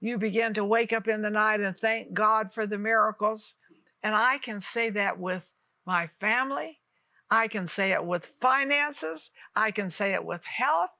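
A woman's voice: medium pitch, unhurried, creaky, sharp tone, dry recording. A woman in her eighties preaching on television, fervent and coaxing, talking straight to viewers. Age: 80s. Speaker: television minister. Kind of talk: televised sermon and prayer.

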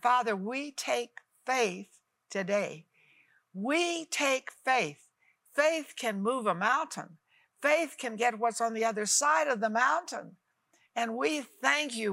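An elderly woman leads a televised ministry teaching and prayer in her eighties, speaking slowly and with a gravelly edge. Her voice is bright and forceful, recorded dry and close, and she exhorts fervently with sudden upward leaps in pitch. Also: no echo. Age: 80s.

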